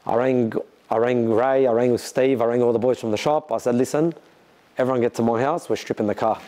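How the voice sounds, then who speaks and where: Still sore from his crash, this Australian car builder and racer recounts it to the camera in a mid-range, fairly quick voice. He's candid and emotional, speaking in bursts and lively quoting others' words.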